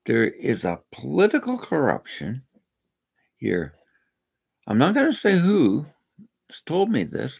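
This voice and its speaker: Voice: mid-range voice, huge pitch swings, takes it slowly, creaky, long pauses, a little mellow, husky. A speaker from Canada, ranting indignantly in a rambling personal vlog. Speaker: vlogger. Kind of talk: angry personal rant.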